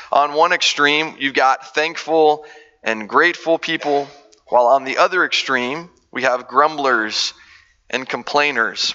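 A pastor preaching a sermon in a conversational way, asking the congregation direct questions. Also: male voice, a little high, pushed and bright, big-room sound, highs cut off.

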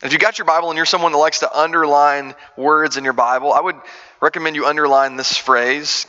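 A pastor preaching a sermon in a conversational way, asking the congregation direct questions. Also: male voice, a little high, a little fast, sharp tone, long reverb tail, muffled recording.

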